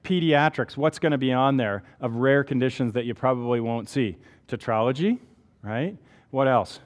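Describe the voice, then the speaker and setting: A man's voice: mid-range voice, moderate pace, long reverb tail. A man with a Canadian accent giving a conversational medical lecture, explaining step by step and checking in with rhetorical questions.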